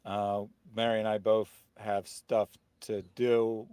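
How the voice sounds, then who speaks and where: Male host, mid-pitched, sarcastic and combative with commenters, dry close mic. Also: level tone, slow pace, mellow, clear, resonant tone, no echo. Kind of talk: live-stream debate chat, reading viewer comments.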